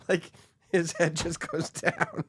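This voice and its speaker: A man's voice: high voice, a bit bright, slight background noise. A man co-hosting a podcast, telling a long story in casual chat and acting out the people in it. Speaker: podcast co-host.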